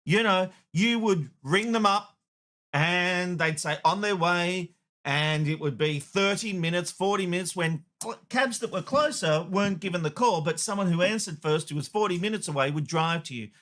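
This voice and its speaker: A middle-aged Australian man hosts a TV show, his voice pitched high and a bit bright at a moderate pace. He delivers a blunt opinion rant and tells a story, acting out the dialogue.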